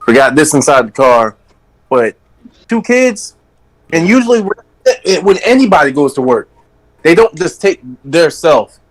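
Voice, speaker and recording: A man with a somewhat high-pitched voice thinks out loud in a casual podcast chat. He rambles, restarts his sentences and leans on "like" as he works through a point. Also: big pitch swings, unhurried, long pauses, low-quality recording. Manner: rambling, with many restarts and fillers.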